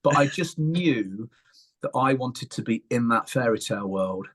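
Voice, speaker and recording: An English man in middle age, a puppeteer and panto performer, chatting in an interview and telling lively anecdotes, acting out voices as he goes. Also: mid-range voice, measured pace. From England. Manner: animated, acts out voices in his anecdotes. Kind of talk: casual interview storytelling.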